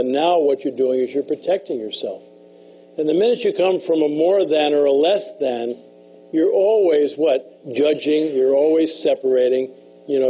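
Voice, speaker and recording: Older man, mellow folksy storyteller. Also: medium pitch, husky, poor audio. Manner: folksy storyteller, drops to a hush for emotional lines. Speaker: speaker and author. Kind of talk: motivational talk with storytelling.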